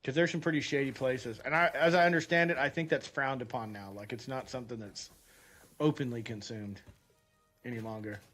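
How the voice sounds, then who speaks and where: An American man streams a game and rambles through a story in casual chat, swearing freely as he comments on the gameplay. His voice is medium-pitched, steady and fairly bright, and he talks briskly over soft background music.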